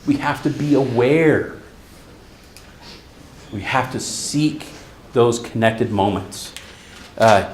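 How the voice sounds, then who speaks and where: Speaking at a conference hall, a therapist in middle age delivers an animated, story-driven talk and performs the quotes he recounts. The recording is reverberant, and his voice sits at medium pitch.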